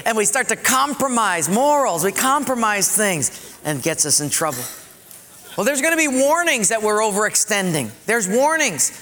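A man's voice: high voice, pushed and bright, in a large hall. A man preaching a sermon, telling a story animatedly and acting out the voices.

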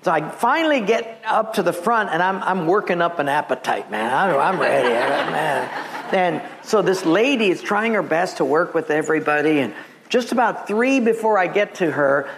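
A man's voice: fairly high pitch, animated, moderate pace, crowd noise. A male pastor preaching a sermon, telling stories with humor and acting out the people in them. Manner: storytelling with humor and acted quotes.

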